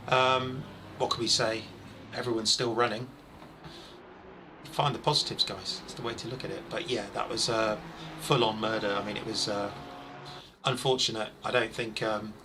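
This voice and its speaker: A man over forty doing live, chatty commentary on a sim race, excitable when incidents happen. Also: lowish voice, noisy background.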